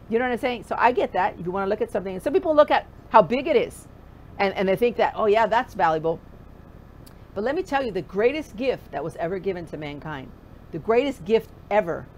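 A woman's voice: fairly low pitch, a little hiss or hum. A woman pastor preaching a conversational sermon, often asking the listener direct questions.

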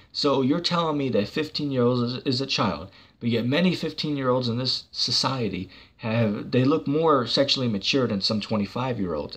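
A man's voice: medium pitch, a bit bright, husky. A man preaching on a church channel in a heated, combative monologue, cursing and mocking the person he argues against.

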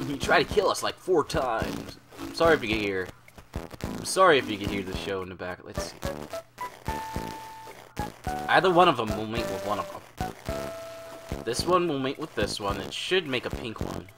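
A man casually commenting over his video game, rambling, playful and quick to swear. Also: lowish voice, big pitch swings, vocal fry. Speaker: gaming channel host. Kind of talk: casual let's-play commentary. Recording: game music playing under voice. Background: video game music.

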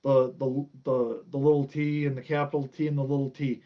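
A man's voice: medium pitch, level tone, brisk, dull audio. A man teaching an informal Bible study, reading and explaining scripture, stressing and drawing out key words.

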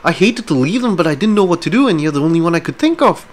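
Man doing distraught dwarf woman, storybook, stammering, tearful, raised high pitch, lively swings. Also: fast, lightly acted. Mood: panicked, tearful. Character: distraught female dwarf, sobbing in panic.

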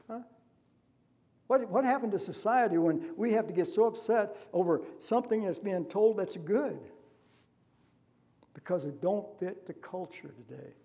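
A man's voice: sits high, expressive, normal speed, creaky, long pauses, mellow. A man preaching a sermon as pastor, impassioned and full of rhetorical questions, in a church. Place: church sanctuary.

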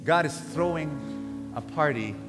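A man's voice: a little high, slow pace. Man preaching in a reverberant hall. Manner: calls out to the audience for responses. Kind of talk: sermon. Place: large hall before a congregation. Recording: long hall reverb with guitar music behind.

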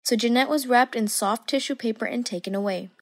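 A young adult woman reading a children's storybook aloud for story time, steady and measured. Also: a little high, no room sound, studio quality. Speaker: storytime reader.

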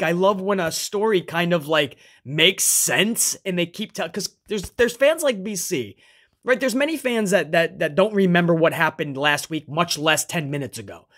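A man with a slightly higher-pitched voice gives a loose, casual recap as a show reviewer. He swears freely, ends phrases with "man" and talks about himself in the third person. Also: animated, normal speed, fairly bright tone.

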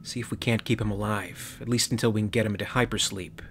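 A man's voice: fairly low pitch, steady tone, quick pace, slight background noise, close to an everyday voice. A man voicing a commanding, impatient male marine captain who barks orders. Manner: barking orders, clipped military talk.

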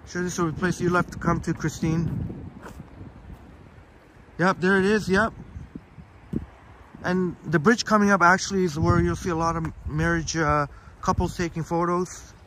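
A man's voice: high voice, steady tone, normal speed, pauses often, fairly bright tone, slight background noise. A man hosting a live-streamed walk outdoors, chatting casually and answering viewers by name. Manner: chatty, reads viewer comments aloud by name. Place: outdoors in a park, walking. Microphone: phone on a live stream.

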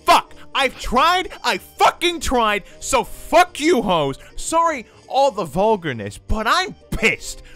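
A man putting on the voice of a bitter, self-pitying young man who rants in a slow, exasperated drawl. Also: very high-pitched, big pitch swings, bright, forceful tone, faint music behind, exaggerated voice.

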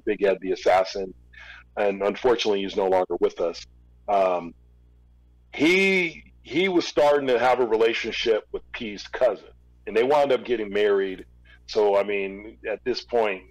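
A man in an interview, casually telling a long story with relaxed restarts. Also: fairly low pitch, no echo, rough recording. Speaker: interview guest, former record label executive.

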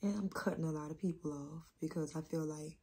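Husky low-voiced New mother. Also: steady tone, mellow. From New Orleans. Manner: candid, rambling, slow with many pauses. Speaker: vlogger, mother. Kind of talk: emotional casual vlog talk.

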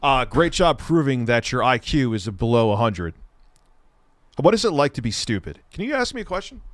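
A male livestream host in a heated, swear-filled rant, swinging between flat muttering and loud outbursts. He says he is stoned, and his mid-pitched voice sits close and dry on the mic. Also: moderate pace, no echo. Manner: profane, angry, shouting at times.

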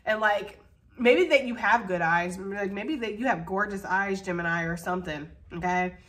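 A woman's voice: medium pitch, normal speed, fairly bright tone. A woman giving a casual tarot reading, chatty and frank, laughing often and swearing freely. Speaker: tarot reader.

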